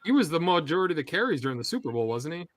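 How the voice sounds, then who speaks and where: A man's voice: on the high side, big pitch swings, very fast, fairly bright tone, dry recording, faint music behind. A man co-hosting a live sports stream, talking in a loose, rambling, chatty way. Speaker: sports show co-host. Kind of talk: casual live-stream chat. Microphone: headset or earpiece monitoring a TV feed.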